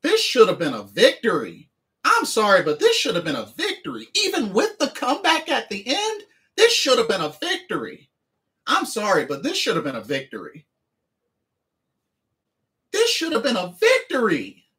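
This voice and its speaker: A man's voice: high-pitched, huge pitch swings, moderate pace, pushed and bright. A man streaming a sports game recap, talking emphatically and repeating the same phrases again and again. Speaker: livestreamer and sports fan.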